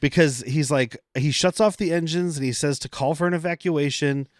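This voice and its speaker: A man's voice: fairly high pitch, moderate pace, no echo, studio quality. A man co-hosting a podcast, retelling a movie's plot in a rambling, joking way. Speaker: podcast co-host. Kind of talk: casual comedic movie recap.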